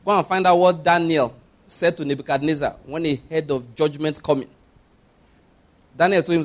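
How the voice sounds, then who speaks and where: High-pitched male preacher, emphatic and repetitive sermon delivery. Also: steady tone, normal speed, long pauses. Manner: emphatic, repeats phrases, asks listeners if they follow.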